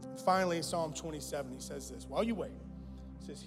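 A man with a notably high voice preaches a sermon from the pulpit. He repeats his lines and surges to loud declarations before dropping to a hush. The sound carries a long church reverb with music playing underneath. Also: quick pace. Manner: impassioned, repeats phrases, rises to loud declarations then drops low. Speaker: guest pastor. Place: church sanctuary.

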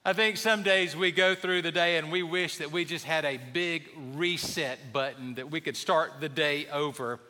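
A male pastor preaching in a church, chatty and humorous as he tells stories. His voice sits high and bright. A long hall reverb trails behind each phrase. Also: normal speed, hardly any pauses. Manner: conversational storytelling with humor. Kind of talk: sermon. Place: church sanctuary.

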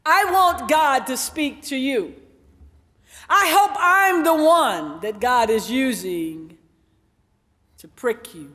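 A woman's voice: high voice, takes it slowly, long reverb tail. A woman pastor preaching a sermon in a church, telling a personal story and calling out to the congregation. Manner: animated, storytelling, calls out to the congregation. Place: church sanctuary.

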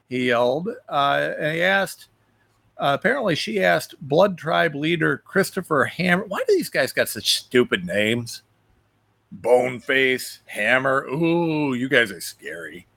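Indignant, gravelly male talk show host. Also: high-pitched, fairly bright tone, no room sound. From United States. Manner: indignant, emphatic, rambling with restarts. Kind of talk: political commentary monologue. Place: Ohio.

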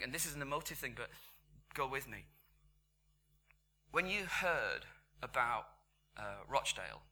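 Guy preaching in church, really bright voice, goes from whispery to shouty, faint hum behind. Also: mid-range voice. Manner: conversational, swings from quiet whispers to loud emphatic outbursts. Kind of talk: sermon.

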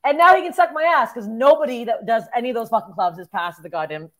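A woman's voice: on the high side, fast talker, a bit bright. A young woman comedian from Canada, telling stories bluntly and with plenty of swearing in casual podcast chat. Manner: blunt, profane storytelling. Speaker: stand-up comedian, podcast guest.

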